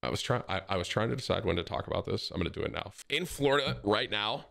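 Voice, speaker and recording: A man's voice: on the low side, lively intonation, quick pace, vocal fry. A man in his thirties chatting casually and jokingly to his live-stream audience, dropping "bro" often. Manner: loud, joking, says bro a lot.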